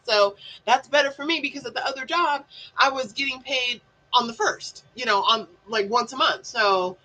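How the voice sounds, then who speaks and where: High, bright-voiced woman rambling candidly. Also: poor audio. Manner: candid, rambling storytelling with frequent swearing; peppers speech with "like" and "you know". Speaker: vlogger. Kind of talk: casual mental health chat.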